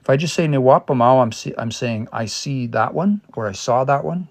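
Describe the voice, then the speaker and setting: Fairly quick and with few pauses, a man speaks in a mid-range, slightly mellow voice while hosting a casual livestream study session on language. He's a learner who thinks out loud, spells words letter by letter and works patiently through examples.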